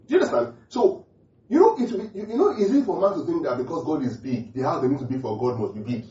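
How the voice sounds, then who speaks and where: A man preaching a sermon, asking the congregation questions and driving points home by repeating phrases. His voice is dark and mellow. It is picked up from a distance in a roomy, echoey hall on a muffled recording. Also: fairly high pitch, very animated, quick pace. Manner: call-and-response questions to the congregation; repeats key phrases emphatically. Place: church hall.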